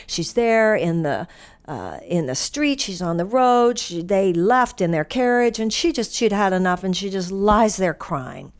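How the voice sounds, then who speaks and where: A woman giving an inspirational talk, earnest and animated as she tells a story. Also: mid-range voice, a little slow, clean tone. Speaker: spiritual teacher.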